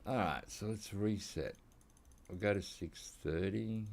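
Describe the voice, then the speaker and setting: A man's voice: on the low side, a little slow, gravelly. An Australian man rambling casually while he plays a hunting game, drifting into side chat. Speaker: gaming channel host. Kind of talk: casual gameplay commentary.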